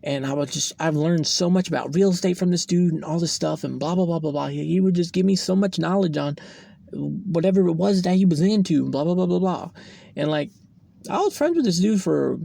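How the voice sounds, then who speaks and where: Young man, podcast host, gravelly voice, slightly high, dry close sound, rambling, profane, casual storytelling. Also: a little fast, warm tone, no echo. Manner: rambling, profane, lots of fillers and "blah, blah".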